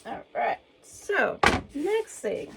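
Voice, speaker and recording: A woman's voice: sits high, sing-song, very slow, creaky. A woman casually talking viewers through a home cooking demo in her kitchen, chatty and a little out of breath. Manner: chatty, self-narrating, talks to viewers as guys. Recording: noisy home kitchen recording.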